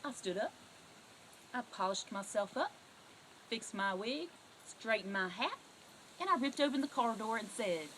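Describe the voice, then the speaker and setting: A middle-aged Southern US woman telling stories as a comic talk show host, her voice sitting fairly high and swooping widely up and down. She speaks in a folksy, animated way, with a faint hiss of noise behind her. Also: measured pace, pauses often, rough recording. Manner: folksy, animated storytelling with sudden loud outbursts. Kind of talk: comedic monologue to camera.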